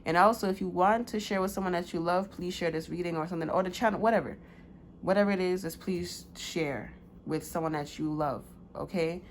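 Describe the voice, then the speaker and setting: A woman's voice: lowish voice, a little fast, a little hiss or hum. A woman giving a casual pick-a-card tarot reading, loose and slangy with many fillers.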